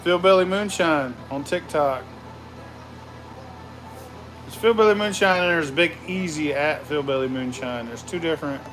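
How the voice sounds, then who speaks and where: A man hosting a casual livestream from his home man cave, greeting viewers with loud, profane, rambling shout-outs. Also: on the high side, normal speed, pauses often, faint music behind, low-quality recording. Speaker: livestream host.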